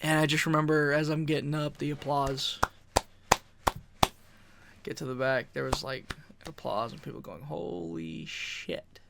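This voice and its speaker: A man telling wrestling stories in a casual podcast chat, animated, often laughing, swearing freely and acting out quotes. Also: a little high, normal speed, vocal fry, long pauses, heavy background noise. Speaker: podcast guest. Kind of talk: casual storytelling.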